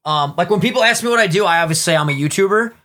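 A young man hosting a podcast, telling stories loudly with lots of swearing. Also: high voice, racing. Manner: loud, profane, excitable storytelling. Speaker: podcast host and streamer. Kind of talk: casual podcast banter.

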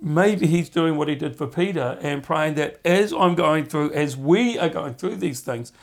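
His voice is a touch high, a bit slow, and creaky. He's a man teaching the Bible on his podcast, sincere and conversational in tone, repeating words as he talks and becoming animated whenever he acts out a quote.

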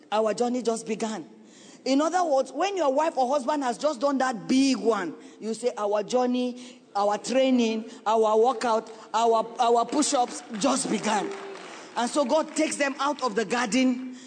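A middle-aged woman pastor preaching a sermon, earnest and pleading, at times sinking into a soft, slow voice. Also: high-pitched, breathy edge. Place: church sanctuary. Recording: long reverb of a large hall.

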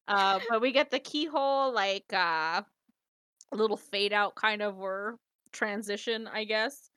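A woman recounting a game scene slowly on a casual podcast, her bright voice rising and falling a lot. The sound is dry and close, and she is playful and giggly, with casual swearing. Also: medium pitch, clear, resonant tone, dry recording. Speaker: podcast co-host. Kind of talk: casual chat retelling a game.

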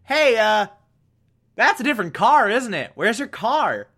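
A man's voice: high-pitched, big pitch swings, a little slow, fairly bright tone, husky, voice pushed up, exaggerated voice. A man quoting a wounded FBI agent who fires off suspicious questions at his friends.

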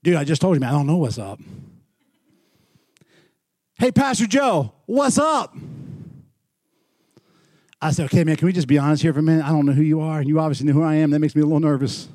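Pastor guy preaching, pretty high voice, dry close sound, gets loud then goes quiet. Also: very fast, hardly any pauses, no echo. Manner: animated, swings from shouting to hushed. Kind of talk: sermon storytelling.

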